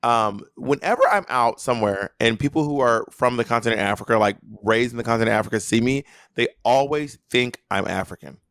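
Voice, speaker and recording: A man co-hosting a podcast in casual chat, telling lively stories with lots of restarts. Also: medium pitch, brisk, hardly any pauses, no room sound, studio quality. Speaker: podcast co-host. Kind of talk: casual chat, animated storytelling.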